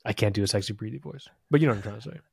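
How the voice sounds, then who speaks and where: A man's voice: lowish voice, racing, vocal fry, a little mellow, slightly rough, dry recording, clean studio sound. A man co-hosting a podcast in casual chat, rambling and self-deprecating, often tripping over his words. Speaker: podcast co-host. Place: home, recording quietly at night.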